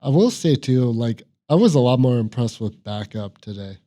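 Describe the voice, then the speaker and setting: A man's voice: medium pitch, animated, normal speed, dark tone. A man co-hosting a podcast in casual chat, laughing often and saying "like" a lot. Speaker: podcast co-host.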